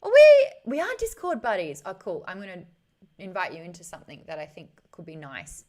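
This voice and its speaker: Lively chatty woman streamer. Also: on the low side, brisk. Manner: lively, chatty, laughs often, greets chat warmly. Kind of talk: casual live-stream chat with viewers.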